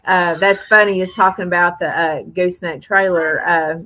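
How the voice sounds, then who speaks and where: A woman's voice: on the low side, steady tone, normal speed, pushed and bright. A middle-aged woman hosting a live stream, telling a rambling, folksy story full of "uh" and "you know". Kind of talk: casual storytelling chat.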